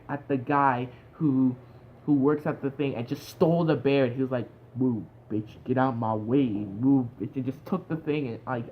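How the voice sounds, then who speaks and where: A young man giving a casual spoken review, animated and exclamatory, full of "like" fillers. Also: fairly high pitch. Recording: dull lo-fi sound with faint background noise.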